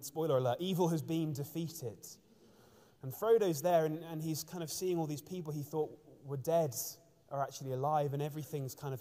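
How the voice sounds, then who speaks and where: Male preacher, slightly high voice, earnest storytelling sermon, echoing church hall. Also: a little mellow. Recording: long church reverb.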